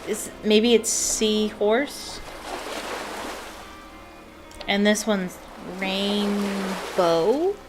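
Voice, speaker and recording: A woman's voice: mid-range voice, very slow, long pauses, over music. A young woman casually commenting on a puzzle game, musing aloud and hesitant, with many fillers. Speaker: let's play gamer.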